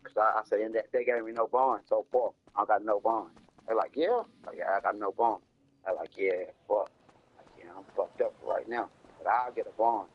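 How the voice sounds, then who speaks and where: A man's voice: lowish voice, fairly even intonation, normal speed, slightly rough, lo-fi sound. A man casually telling a long rambling story, repeating himself and cursing, in slangy talk. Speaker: storyteller streaming a game.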